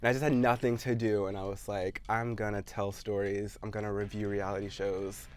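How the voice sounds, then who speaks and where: A young man from Missouri, appearing as a guest YouTuber in a casual interview, chats away telling stories packed with "like." His voice sits on the low side, with flat delivery and a slightly fast pace.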